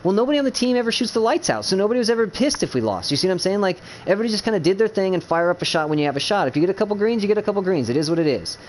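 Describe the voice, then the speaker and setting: A man's voice: sits high, very animated, very fast, hardly any pauses, slight background noise. A man chatting casually about his gaming team, rambling with many fillers, restarts and swearing. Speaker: gamer streamer.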